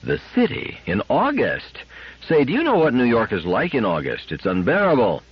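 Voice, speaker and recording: A man's voice: mid-range voice, huge pitch swings, moderate pace, slightly rough, no echo, voice pushed up, heavily acted. A man voicing a weary middle-aged husband who grumbles reluctantly. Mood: grumbling. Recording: dull lo-fi sound.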